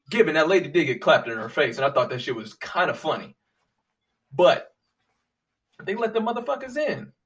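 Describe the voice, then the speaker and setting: A man ranting profanely, swinging from low muttering to loud, high-pitched outbursts. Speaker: commentator. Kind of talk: profane political rant. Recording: voice a bit far from the mic, faint music behind.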